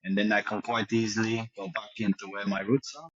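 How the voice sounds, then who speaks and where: A man's voice: fairly low pitch, flat delivery, brisk, fairly bright tone, dull audio, lightly acted. A man voicing a boastful fake French football star, with a put-on French accent that slips into Yorkshire and a pompous, crude manner. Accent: put-on French accent slipping into Yorkshire. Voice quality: pompous, crude, self-satisfied bragging. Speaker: podcast co-host doing an impression.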